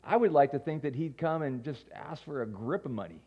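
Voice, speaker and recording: A man preaching a sermon as pastor, animated, going from loud bursts to quiet asides and stammering as he restarts. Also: a little high, a little fast, slightly rough. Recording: dull lo-fi sound.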